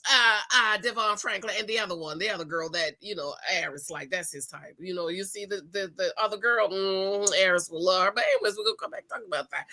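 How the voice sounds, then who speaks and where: A woman's voice: on the high side, pushed and bright. A woman, doing a sassy, emphatic recap commentary that calls the viewer "girl.". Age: 40s. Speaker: reality TV recap host. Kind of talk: casual commentary, talking to camera.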